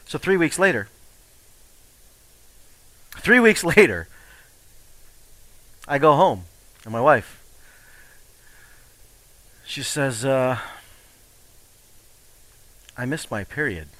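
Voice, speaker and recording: Casting: middle-aged male coach, lively storyteller, bright voice, dry close recording. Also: medium pitch, extremely slow, long pauses, no echo, poor audio. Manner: animated, acts out quoted voices. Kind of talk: motivational storytelling.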